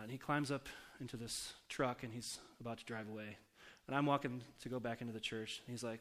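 A man's voice: mid-range voice, fast talker, a bit bright. A pastor preaching a casual, story-driven sermon to his congregation, often asking the audience questions. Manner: conversational, asks the audience questions.

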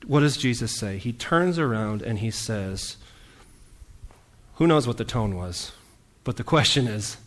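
A man preaching a sermon in a relaxed, conversational way, acting out the lines of the people in his story. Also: mid-range voice, moderate pace. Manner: lively, conversational, acts out quoted lines.

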